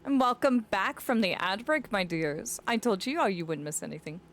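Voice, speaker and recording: Chatty woman streamer with lively pitch. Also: moderate pace. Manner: chatty, rambling, talks to chat with endearments. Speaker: streamer playing a game. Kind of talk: casual live-stream chat.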